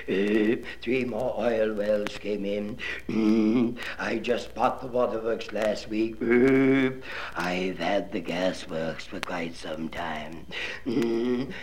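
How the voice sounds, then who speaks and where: A man playing a pompous rich male governor in a comedy radio sketch, halting and full of hums and uhs. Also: medium pitch, a little hiss or hum.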